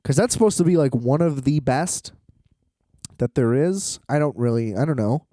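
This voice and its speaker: A man's voice: mid-range voice, lively intonation, moderate pace, dark tone, dry recording, studio quality. A tired man rambling in a solo vlog from a hotel room, exasperated, swearing and laughing often. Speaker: vlogger.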